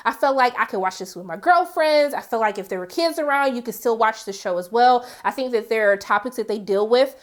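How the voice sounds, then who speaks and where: A young woman reviewing a TV series in a casual, chatty way, with expressive, animated asides. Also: a little high, brisk, few pauses.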